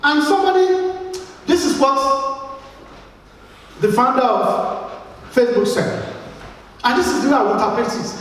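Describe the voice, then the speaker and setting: Brief: Nigerian-accented male motivational speaker, lively and repetitive, echoey hall with long reverb. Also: very high voice, normal speed, long pauses, far from the mic, slight background noise. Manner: emphatic, repeats words, asks the audience questions. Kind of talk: motivational speech to a live audience. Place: large event hall.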